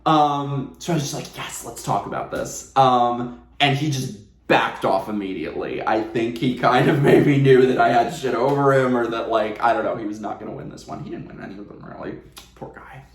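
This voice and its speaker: A man telling a casual storytime at home, animated and sarcastic, laughing often. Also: mid-range voice, a little fast, a little hiss or hum. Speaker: vlogger. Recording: roomy echo.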